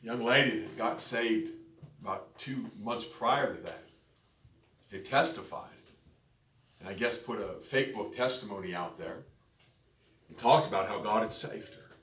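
A man's voice: fairly low pitch, a little slow, pauses often, fairly bright tone. A man preaching a sermon, telling a story and building to emphatic peaks. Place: church sanctuary. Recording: echoey church, distant mic, faint noise.

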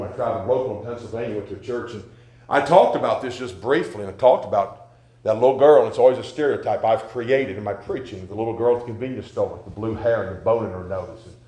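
A man preaching a sermon, telling folksy stories and rising to loud, emphatic questions. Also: lowish voice. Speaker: pastor. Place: church sanctuary. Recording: echoey church sanctuary.

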